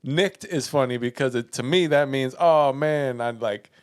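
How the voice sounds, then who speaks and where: A man in a relaxed podcast conversation, quizzing his friend with a playful, teasing edge. He spells words out letter by letter and laughs easily. His voice sits at a middling pitch. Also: normal speed, clear, resonant tone, dry recording, clean studio sound. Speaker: podcast co-host. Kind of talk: casual chat.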